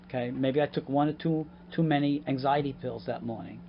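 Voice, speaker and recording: New guy with a raspy gravelly voice, hammy animated storyteller, muffled outdoor podcast audio. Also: medium pitch, a little fast, slight background noise. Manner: animated, acts out voices in his stories. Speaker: podcast guest, actor and comedian. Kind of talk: casual chat, animated storytelling. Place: outdoors at a harbor. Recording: dull lo-fi outdoor recording with faint ambience.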